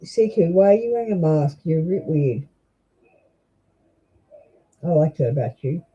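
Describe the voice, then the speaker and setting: Aussie lady doing tarot on a live stream, husky and dark, lots of ums and stop-start bits. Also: low-pitched, expressive, dull audio. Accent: Australian. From Australia. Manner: chatty, halting, with many ums and restarts. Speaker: tarot reader. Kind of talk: live-stream card reading.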